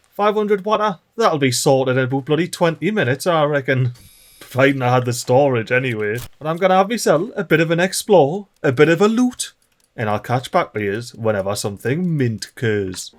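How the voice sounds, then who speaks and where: Geordie man, gameplay commentary, fairly high voice, bouncy swooping pitch, chatty and sweary, faint music behind. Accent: Geordie, North East England. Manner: excitable, chatty, slangy and mildly sweary. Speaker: let's play host.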